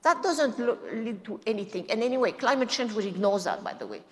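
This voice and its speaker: A woman speaking on a conference panel, impassioned, with halting non-native phrasing. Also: a little high, expressive. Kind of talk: panel discussion. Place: conference hall. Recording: long hall reverb.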